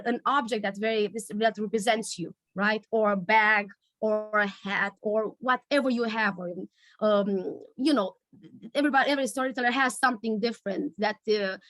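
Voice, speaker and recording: A woman leading a storytelling workshop over a video call, searching for words with many pauses and fillers. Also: fairly high pitch, fairly bright tone, no room sound, clean studio sound. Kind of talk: online workshop teaching.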